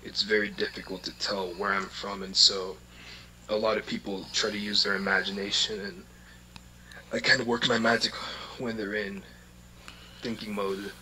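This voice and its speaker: A man co-hosting a podcast, chatting casually in a relaxed, measured way. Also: lowish voice, slight background noise, poor audio. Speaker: podcast co-host. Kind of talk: casual chat.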